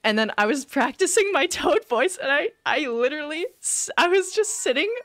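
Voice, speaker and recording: A woman live-streaming a video game, chatting casually in a rambling, self-deprecating way, full of "like" and quick giggles. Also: sits high, expressive, a bit bright, no echo, studio quality.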